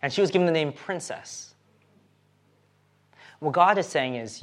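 A man's voice: on the high side, lively intonation, a little slow, long pauses. A man preaching a sermon in a conversational way, often acting out the quotes and checking in with "right?".

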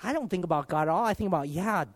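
A man giving an informal, conversational sermon, earnest and full of casual filler, swinging from loud emphasis down to soft, hushed lines. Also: high-pitched, animated, rapid-fire, no room sound. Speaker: preacher.

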